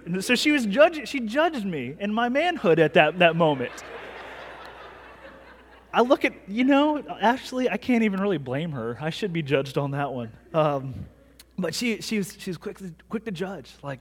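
This pastor's voice sits high and has a sing-song quality, moving at normal speed. In his thirties, he preaches in a large sanctuary with long hall reverb, storytelling conversationally and teasing himself with humor.

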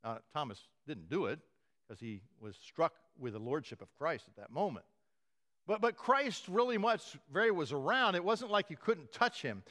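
Preaching a sermon at normal speed, a male pastor with a slightly high voice tells the story. He chuckles often and acts out the quoted lines in animated voices.

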